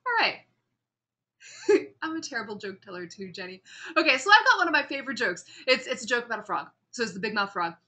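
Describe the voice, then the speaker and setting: Bright upbeat woman teaching a speaking class. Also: a little high, big pitch swings, fast talker. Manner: upbeat and chatty, with frequent restarts. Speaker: public speaking instructor. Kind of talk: recorded class lecture.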